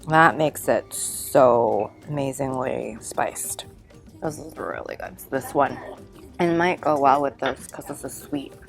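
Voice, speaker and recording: A woman's voice: low voice, gravelly. A young woman vlogging as she tastes food, talking casually and humming between bites. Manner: enthusiastic, savoring, murmurs and hums between bites. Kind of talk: casual food tasting vlog.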